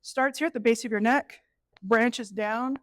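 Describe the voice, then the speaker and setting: A middle-aged woman presenting a live workshop, animated and conversational, acting out inner voices as she teaches. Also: a little high, measured pace, dry recording. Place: event space with an audience.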